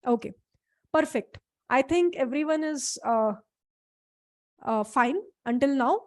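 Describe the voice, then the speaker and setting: High-voiced woman teaching a live class. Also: takes it slowly, darkish tone, no echo, clean studio sound. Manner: explains step by step, checks in with students. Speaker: instructor. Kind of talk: live online class lecture.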